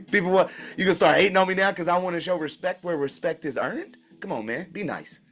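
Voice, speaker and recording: A man hosting his own channel tells a story in a casual, animated way, full of slang and remarks aimed straight at his listeners. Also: high voice, brisk, soft background music. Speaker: channel host.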